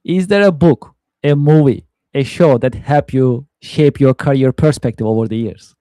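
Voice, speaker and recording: Man, host, mellow voice, dry recording, measured questions. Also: medium pitch, no echo. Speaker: podcast host. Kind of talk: reading interview questions.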